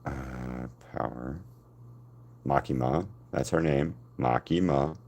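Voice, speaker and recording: A man casually chatting to live-stream viewers while he paints, rambling and self-deprecating, talking to his chat between pauses. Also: very deep voice, darkish tone.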